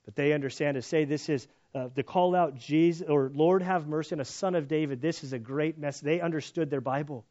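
A man's voice: on the high side, fairly quick, few pauses, a little mellow, dull audio. A man teaching through a Bible passage in a casual, conversational way, acting out voices in the story as he goes. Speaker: pastor.

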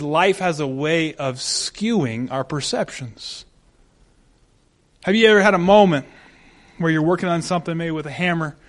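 A male pastor giving a sermon, animated and humorous, acting out the scenes he describes. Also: a little high.

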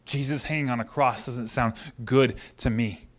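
A man preaching a sermon, telling a story with animated swings between loud excitement and hushed intensity. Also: mid-range voice, normal speed. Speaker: pastor.

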